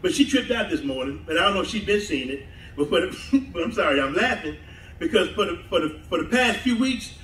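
Laughing high-voiced pastor, echoey church. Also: male voice, animated, fairly quick, a bit bright, slight background noise. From southern United States. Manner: laughing, conversational preaching with call-and-response. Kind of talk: sermon. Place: church sanctuary. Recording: echoey church hall mic from a distance.

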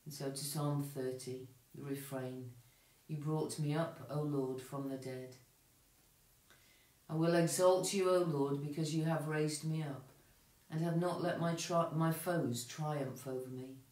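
A man leading morning prayer, reading psalms and scripture aloud in a measured, steady recitation with occasional small self-corrections. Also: on the high side. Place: church. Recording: echoey room.

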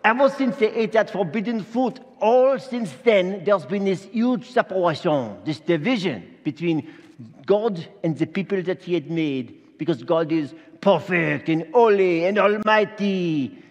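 A man's voice: high-pitched, animated, unhurried, highs cut off. A man playing a boastful, jokey male angel messenger in a Christmas Eve church skit, showing off and playing to the congregation. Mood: playful boastful. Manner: showy, jokey, playing to the crowd. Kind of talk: comic stage monologue. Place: church sanctuary before a congregation. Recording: echoey church hall.

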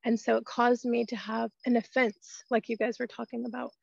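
A woman's voice: fairly high pitch, little pitch movement, normal speed, vocal fry, no room sound, highs cut off. Emotional woman praying on a video call. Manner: fervent, emotional, praying aloud. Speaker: prayer group participant. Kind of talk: spoken testimony and prayer.

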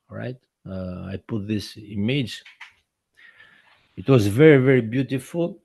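A man who makes documentaries, giving a personal account in a presentation in halting, non-native English full of restarts and repeated words. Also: mid-range voice, a little mellow, dry recording. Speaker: documentary filmmaker presenting his work.

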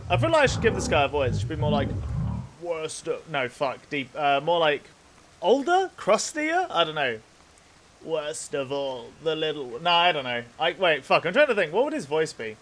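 A man's voice: a little high, big pitch swings, fairly quick, a bit bright. Nasal young man streaming a game. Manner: chatty, swears freely, rambles while gaming. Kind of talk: casual let's play commentary with chat.

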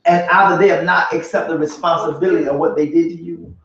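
A man's voice: a little high, fairly even intonation, fast talker, a bit bright. A man preaching at a Bible study in a colloquial, emphatic style, often laughing as he makes his points. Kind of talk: sermon. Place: church room. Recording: echoey distant lo-fi church recording.

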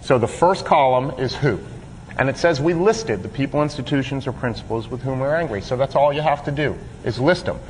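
A man's voice: mid-range voice, expressive, a little fast, darkish tone, slight background noise. A man leading a workshop, talking a group through written steps in a plain-spoken way. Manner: plain-spoken, role-plays his own grudges. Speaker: workshop leader. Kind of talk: instructional talk to a group. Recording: long hall reverb.

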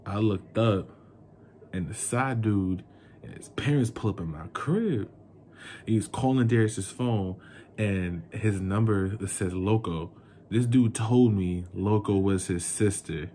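Young man, low voice, mellow tone, indignant storytime rant, faint background hum. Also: slow. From New York. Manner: heated, indignant, talks straight to the listener. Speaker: vlogger.

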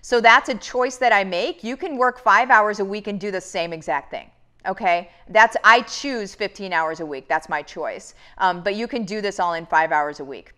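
A woman's voice: mid-range voice, normal speed, pushed and bright. A woman business coach giving an earnest motivational talk to her audience, often calling them "you guys" and restarting her sentences as she goes. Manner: rambling with many restarts.

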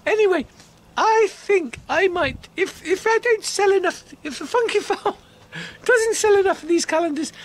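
In a comic character monologue, a man plays a vain, flirtatious female supermodel at an extremely high pitch. He coos, giggles, and stretches out long oohs.

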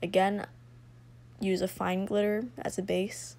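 A young woman in a loose, casual voice-over, swearing freely as she talks through a craft project. Her voice sits at an ordinary middle pitch, and she is a bit breathless from leaning into the mic. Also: little pitch movement, unhurried, creaky, a little mellow. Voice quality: loose, profane and chatty. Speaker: vlogger. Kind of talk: casual DIY tutorial voice-over.

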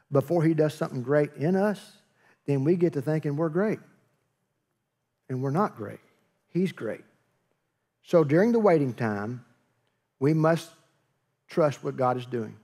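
A man's voice: a little high, darkish tone. Storytelling pastor, man. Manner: storytelling, acts out dialogue, joking asides. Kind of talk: sermon.

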